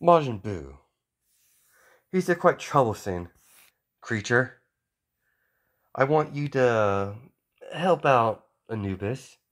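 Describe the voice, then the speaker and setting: Brief: man doing a commanding queenly teacher, pitched up, measured. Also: lively intonation, fairly bright tone. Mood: instructive. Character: regal female mentor, calm and commanding.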